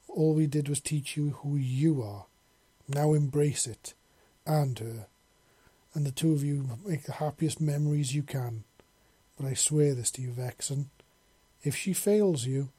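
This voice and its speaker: Male narrator doing a brash, teasing lizard-woman, dark husky tone, slightly raised pitch. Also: no room sound. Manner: bold, teasing, warm-hearted. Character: confident flirtatious female lizard-folk woman.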